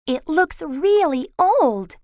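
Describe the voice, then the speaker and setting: A woman voicing Kirsty, an eager, bold young girl in a storybook, often in a hushed, excited voice. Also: high voice, slow, no room sound, studio quality, voice pushed up, full character voice.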